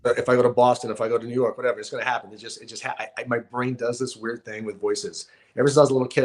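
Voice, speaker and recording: Laughing, animated male storyteller. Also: fairly low pitch. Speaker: actor and guest. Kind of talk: casual interview chat.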